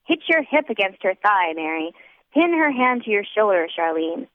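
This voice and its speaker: A brisk, bossy nun, voiced by a woman, gives curt orders in an audiobook. The sound is dry and tinny, like a phone line. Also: mid-range voice, very animated, no echo, natural voice. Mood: commanding. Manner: curt, commanding.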